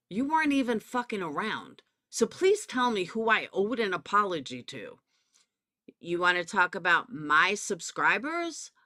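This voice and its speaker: A woman with a Southern US accent and a lowish, sharp voice gives a drama commentary rant. The commentary YouTuber swears, uses sarcasm, and calls people out directly.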